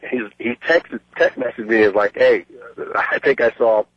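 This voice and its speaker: Over a muffled phone line, a middle-aged caller to a radio program spins a long, boastful tale with brash confidence. He speaks in a mid-range voice at a moderate pace, with no room sound around him.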